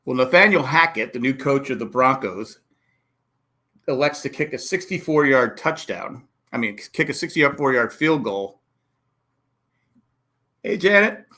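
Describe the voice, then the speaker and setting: A man hosting a casual sports podcast, talking fast and acting out coaches' and fans' reactions. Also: mid-range voice. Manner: animated, acts out coaches and fans with exclamations. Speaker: podcast host.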